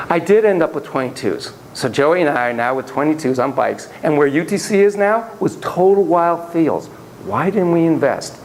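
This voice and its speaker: A man giving a classroom lecture on child therapy, telling digressive, self-deprecating stories in an animated way. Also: a little high, slight background noise, low-quality recording.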